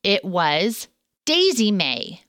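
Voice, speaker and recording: A woman's voice: mid-range voice, big pitch swings, very slow, fairly bright tone, no room sound, clean studio sound. A middle-aged woman co-hosting a casual faith chat, a chatty storyteller who laughs often. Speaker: podcast co-host.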